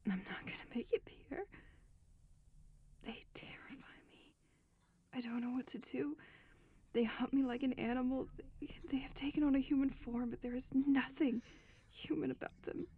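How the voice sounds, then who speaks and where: A woman's voice: high-pitched, steady tone, normal speed, slightly rough. Tinny phone-like sound, scared young woman in a game whispering. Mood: frightened. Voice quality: hushed, often whispering. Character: frightened young woman trapped in a haunted village. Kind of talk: game voice-over narration.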